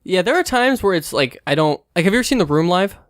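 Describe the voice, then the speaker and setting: A man's voice: high-pitched, animated, fast talker, no room sound, clean studio sound. Profane, ranting young man. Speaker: podcast host. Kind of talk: casual chat.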